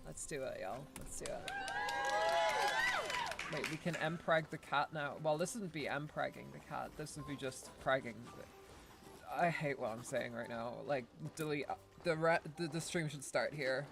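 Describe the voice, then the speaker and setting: A woman's voice: deep voice, moderate pace, gravelly, over music. A woman streamer giving casual, rambling gameplay commentary, often correcting herself and laughing.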